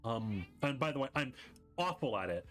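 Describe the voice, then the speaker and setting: A man's voice: medium pitch, very animated, moderate pace, a bit bright. A man acting as game master, narrating casually with lots of "like". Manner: casual, laughs, uses "like" often.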